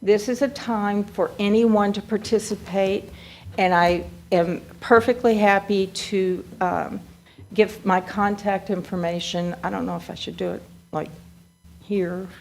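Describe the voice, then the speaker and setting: A woman's voice: mid-range voice, fairly even intonation, a little slow, a little mellow. A woman presenting to a county fiscal court, talking in a chatty, self-interrupting way. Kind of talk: public meeting remarks. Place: county meeting room.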